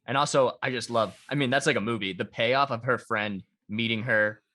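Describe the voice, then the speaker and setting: A man's voice: medium pitch, normal speed. A man co-hosting a podcast, chatting casually and with enthusiasm. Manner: enthusiastic, animated. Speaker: podcast co-host.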